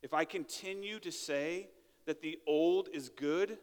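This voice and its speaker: A man's fairly high voice fills a big church room as he preaches at an unhurried pace. He is a pastor giving a sermon in a conversational manner, frequently adding "right?".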